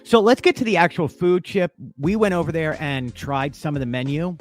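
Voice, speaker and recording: A man co-hosting a podcast in casual chat, animated and chatty with frequent fillers. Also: fairly high pitch, moderate pace, soft background music. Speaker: podcast co-host.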